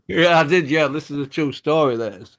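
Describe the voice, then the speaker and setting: A man's voice: on the high side, moderate pace, a bit bright. A middle-aged man, hosting a boxing show and telling stories in casual chat, swearing freely and laughing as he goes.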